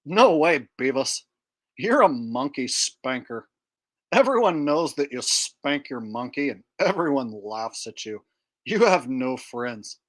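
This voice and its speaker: A man voicing a slow, insulting cartoon teenage boy who mocks his friend in a deadpan drawl. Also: medium pitch. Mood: mocking.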